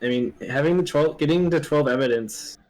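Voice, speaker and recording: Relaxed man with lots of ums. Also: a little high, fairly quick. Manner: relaxed, hesitant, many ums. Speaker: podcast co-host and game player. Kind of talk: casual board game playthrough chat.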